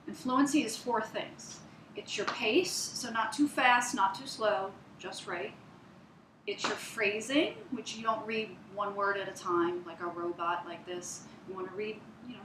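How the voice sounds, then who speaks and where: A woman's voice: on the high side, noisy background. A woman teacher giving a one-on-one reading lesson, explaining things patiently, step by step. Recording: echoey room.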